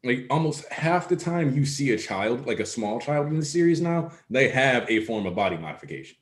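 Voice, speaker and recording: A man's voice: medium pitch, very animated, a little fast. A man co-hosting a casual discussion, explaining his points at length in an analytical way. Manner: analytical, talks in long explanations. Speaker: co-host. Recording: echoey room.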